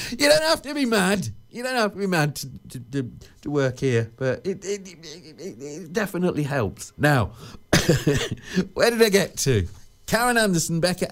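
A British man presenting a casual radio show, chatting in a rambling way with lots of fillers and restarts. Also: a little high.

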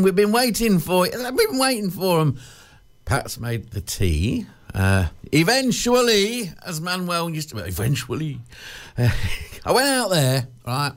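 A man presents a radio show from the studio. His delivery is chatty and digressive, full of jokes, with a lively, swinging pitch. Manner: rambling, digressive, jokey.

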